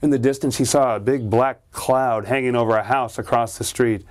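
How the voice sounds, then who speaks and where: A man's voice: mid-range voice, fairly even intonation, normal speed. Man telling a dramatic ghost story. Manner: dramatic, acts out the characters with voice shifts.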